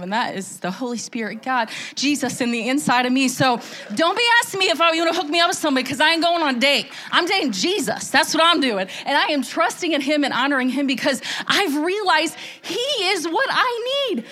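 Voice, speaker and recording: A woman's voice: sits high, a little fast, sharp tone. A middle-aged woman giving a candid, emotional church testimony, rambling with restarts. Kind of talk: testimony sermon.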